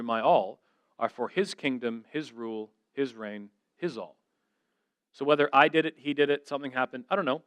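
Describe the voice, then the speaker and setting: A man's voice: medium pitch, a bit bright, dry recording. A middle-aged man giving an earnest, conversational sermon as a guest speaker, telling stories and voicing the people he quotes.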